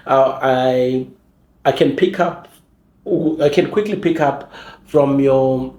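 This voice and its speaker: A man with a Zulu-accented South African English accent, whose first language is Zulu, talking as a podcast guest in an animated storytelling way, often restarting his sentences and mimicking other people's voices. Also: mid-range voice, takes it slowly, reverberant. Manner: frequent restarts and fillers. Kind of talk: casual storytelling interview.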